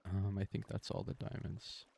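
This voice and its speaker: A man with a very low voice talks through a film's story while he plays a game. His delivery stays flat and monotone, loose and full of little fillers, and he sits close to the microphone. Faint noise hums in the background. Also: normal speed, creaky. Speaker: gaming video creator. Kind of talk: casual monotone movie retelling over gameplay. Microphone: close desktop microphone.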